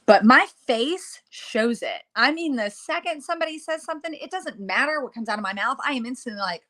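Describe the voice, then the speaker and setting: A woman's voice: high-pitched, lively intonation, brisk, sharp tone. A woman in her thirties co-hosting a casual chat, frank and reflective, laughing easily. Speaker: podcast co-host.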